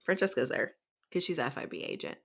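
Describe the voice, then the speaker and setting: A young woman co-hosting a podcast, chatty and animated as she recaps a book, swearing freely. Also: low voice, fast talker, gravelly. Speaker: podcast co-host. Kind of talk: casual book discussion.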